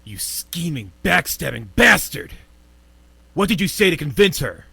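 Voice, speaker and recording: An anguished, betrayed young hero. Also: male voice, a little high, sing-song, normal speed, slightly rough, no echo, full character voice. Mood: angry. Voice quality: emotional, anguished first-person narration. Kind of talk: video game voice acting.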